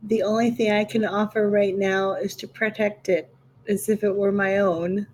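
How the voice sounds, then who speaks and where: A woman's voice: mid-range voice, little pitch movement, normal speed, darkish tone. A woman playing a tabletop game, speaking earnestly and eagerly. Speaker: player.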